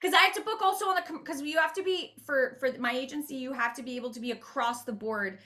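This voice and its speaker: Chatty young woman guest, bright and forceful tone, laughs easily. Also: sits high. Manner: chatty, laughs often, quick asides. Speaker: voice actor guest. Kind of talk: casual interview chat.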